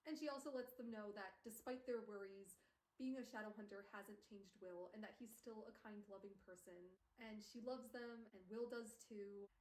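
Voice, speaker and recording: A woman's voice: medium pitch, normal speed, darkish tone. A woman streamer casually recapping a book, chatty and full of "like" fillers, laughing often. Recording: roomy, distant mic.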